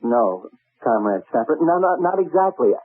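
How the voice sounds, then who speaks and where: A nervous, stammering American spy. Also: male voice, on the high side, big pitch swings, moderate pace. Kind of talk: 1970s radio drama acting. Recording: narrow, phone-like old radio broadcast.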